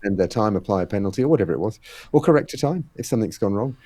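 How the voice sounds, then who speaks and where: A man with a lowish, mellow voice talks through details at length in a relaxed interview. He leans on fillers and acts out little quoted exchanges. His voice sits close and dry, with little room sound. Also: very fast, no room sound. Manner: explains at length with many fillers and acted-out quotes. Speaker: guest, head of a fitness race series. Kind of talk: conversational podcast interview.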